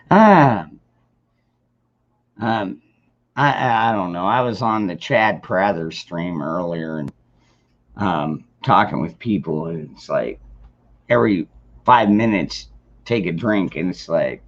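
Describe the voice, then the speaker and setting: A man's voice: deep voice, expressive, slow pace, pauses often. A man hosting a casual late-night livestream, rambling in a laid-back way and greeting chat viewers by name. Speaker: livestream host. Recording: dull lo-fi stream audio.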